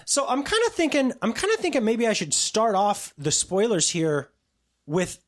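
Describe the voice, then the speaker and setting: A male podcast co-host in casual conversation about a film. His pitch swings widely as he rambles, and he often breaks into quick impressions of other people. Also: wildly swooping pitch. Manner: rambling, with frequent restarts and mimicked quotes. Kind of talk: casual chat.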